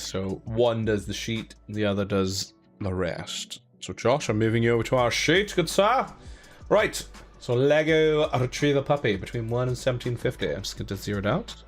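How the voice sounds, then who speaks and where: A young man hosts a live prize draw, loose and chatty, tossing out jokes between numbers. His voice sits at an ordinary middle pitch. Soft music plays quietly underneath. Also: sing-song, moderate pace. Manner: chatty and playful, cracking jokes and counting down. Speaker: giveaway live draw host. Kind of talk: casual live-stream chat.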